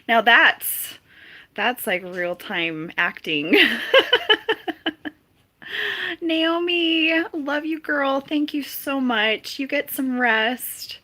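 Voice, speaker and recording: Her high-pitched, pushed, bright voice has lively intonation, but she speaks extremely slowly with long pauses. The livestream host chats casually, reading and answering viewer comments, giggling and laughing often between greetings.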